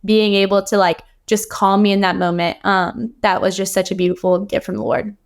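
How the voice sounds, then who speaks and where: Woman podcast guest, earnest, rambly, lots of ums, middle pitch. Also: little pitch movement, a little fast, creaky. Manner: earnest, rambling with many fillers. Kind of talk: casual interview talk.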